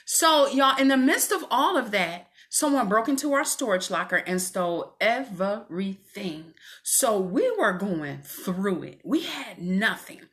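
A woman's voice: medium pitch, big pitch swings, unhurried, few pauses, a bit bright. A woman minister giving a fervent, preacherly faith testimony to women viewers from her home. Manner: fervent, preacherly, calls listeners "y'all".

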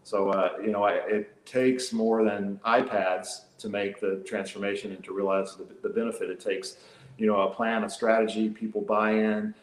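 A man's voice: fairly low pitch, level tone, normal speed. A man co-hosting a live business show, giving advice in an earnest, casual way, often repeating words and trailing off. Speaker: co-host and business consultant. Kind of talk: casual conversational talk. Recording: echoey room sound.

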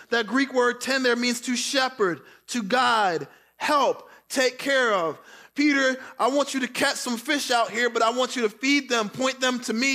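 A man preaching a sermon, reading scripture and acting out quoted lines, dropping soft and slow for tender words. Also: very high-pitched, fairly even intonation. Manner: preaching with dramatic quoted voices, drops soft for Jesus' words. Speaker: pastor.

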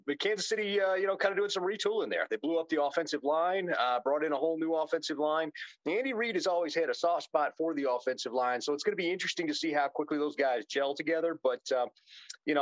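A man's voice: a little high, dry recording, low-quality recording. A man from the United States, a football insider and radio co-host, chatting as a guest in a casual interview and joking with lots of fillers and restarts.

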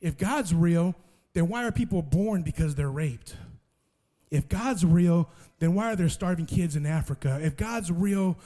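A man with a higher voice, acting out a doubtful young man at a skate park who fires hard questions. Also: lively intonation, unhurried, dark tone. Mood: challenging. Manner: pointed, questioning.

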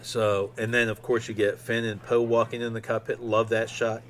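A man around fifty hosting a solo podcast, rambling excitedly with lots of ums. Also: lowish voice, normal speed. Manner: excitable, rambling fan talk with many ums. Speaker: podcast host. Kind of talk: casual solo podcast monologue.

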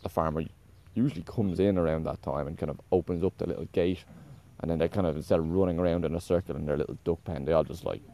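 A man's voice: low-pitched, steady tone, fast talker, mellow. A man talking in a casual, meandering monologue, correcting himself often and swearing offhandedly.

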